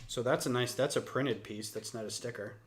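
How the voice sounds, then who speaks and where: A man's voice: medium pitch, steady tone, brisk, very noisy. A man hosting a casual build-along chat, joking and breaking into impressions. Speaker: host. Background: background music.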